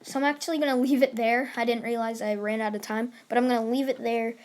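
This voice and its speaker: A woman's voice: a little high, fairly even intonation, quick pace, darkish tone. Rambling woman retelling a fan story. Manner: rambling, self-correcting. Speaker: YouTuber storyteller.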